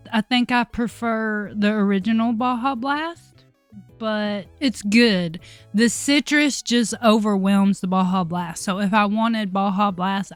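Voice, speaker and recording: A woman's voice: medium pitch, no room sound. Young woman, casual vlog chat, candid and chatty, laughs a lot, dry close mic, faint music. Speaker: vlogger.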